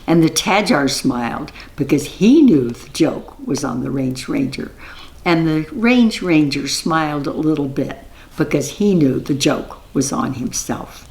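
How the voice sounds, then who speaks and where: A woman reading a children's story aloud in a gentle, rhythmic, repetitive telling. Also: sits low, poor audio.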